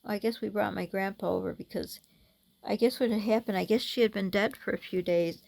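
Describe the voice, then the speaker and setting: A middle-aged woman vlogging a personal memory in a halting way, with frequent restarts and fillers. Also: mid-range voice, steady tone, vocal fry, a little mellow. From United States. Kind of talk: personal storytelling vlog.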